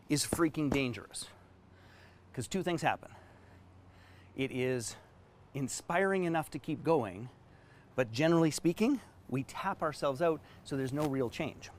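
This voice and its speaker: A man giving an online business training session in an emphatic, animated way while drawing diagrams. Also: on the high side, normal speed. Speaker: business coach.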